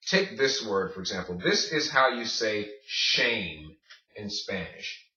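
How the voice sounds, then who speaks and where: A man teaching a recorded Spanish pronunciation lesson, saying words slowly and repeating them. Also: on the low side, expressive, pushed and bright. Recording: echoey room, distant dull mic.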